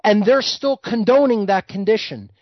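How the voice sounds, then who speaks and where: A man's voice: high voice, moderate pace, no echo. A man hosting a talk show, delivering a heated, lecturing monologue. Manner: vehement, lecturing. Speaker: host. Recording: dull lo-fi recording.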